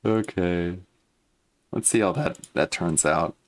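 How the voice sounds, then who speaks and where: Laid-back male streamer, low voice, unhurried casual chatter. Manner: laid-back, mumbling asides to himself. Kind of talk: casual live-stream chat.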